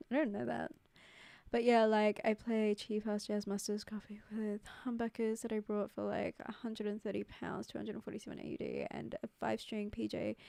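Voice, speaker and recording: Streamer, young woman, higher voice, smooth and clear, dry close mic, chatty and giggly. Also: warm tone, no echo. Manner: chatty, giggly, lots of "like" fillers. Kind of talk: casual live-stream chat reading comments. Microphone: close studio mic.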